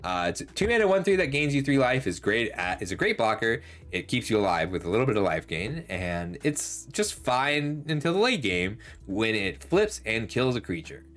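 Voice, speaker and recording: A man's voice: mid-range voice, big pitch swings, moderate pace, hardly any pauses, a bit bright. A man hosting a casual card set review, chatty and analytic, often correcting himself mid-sentence, his voice slightly worn. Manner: chatty and analytic, with frequent ums and self-corrections. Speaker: host reviewing game cards.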